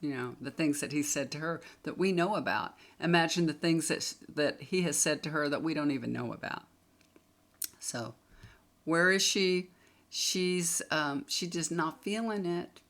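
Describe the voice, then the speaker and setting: A woman's voice: deep voice, measured pace, fairly bright tone. A woman tarot reader talking casually to a camera, chatty and emphatic, repeating points for stress.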